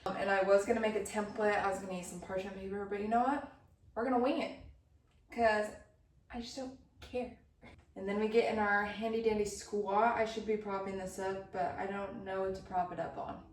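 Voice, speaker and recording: A woman's voice: mid-range voice, fairly even intonation, fairly quick, slight background noise. A woman vlogging as she bakes, talking casually with a chatty, self-deprecating humor. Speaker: baking vlogger. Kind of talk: casual chat while baking. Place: cold kitchen. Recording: roomy, from a distance.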